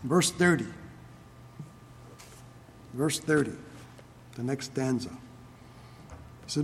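Earnest preacher in a reverberant hall. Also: male voice, medium pitch, expressive. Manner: earnest, emphatic, slows on key phrases. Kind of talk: expository sermon reading scripture.

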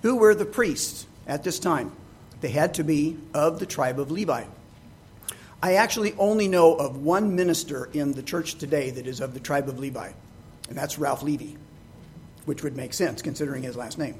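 A man's voice: fairly high pitch, normal speed, a little hiss or hum. A man preaching a sermon, reading scripture aloud and asking his listeners rhetorical questions.

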